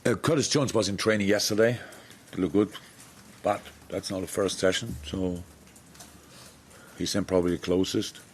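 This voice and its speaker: A middle-aged football manager answering press questions frankly, with many restarts. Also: male voice, sits low, fairly even intonation, moderate pace, pauses often, slight background noise. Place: press conference room.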